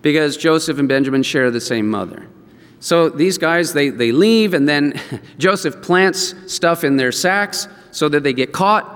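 Animated male preacher in an echoey hall. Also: fairly high pitch, measured pace. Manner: animated storytelling, acts out quotes, chuckles. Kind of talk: sermon.

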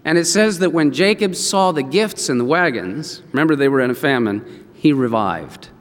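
A male preacher tells a story in his sermon with lively, wide swings in pitch, acting out the quotes with a chuckle here and there. His voice sits a little high for a man. It carries a long echo from a large church hall. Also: normal speed. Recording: echoey hall.

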